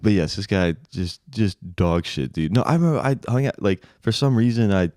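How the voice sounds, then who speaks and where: A young man with a low voice rambles through a story on a podcast, laughing between lines. The sound is dry and close to the mic, with no room around it. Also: a little fast, darkish tone, dry recording. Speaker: podcast co-host. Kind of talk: casual chat.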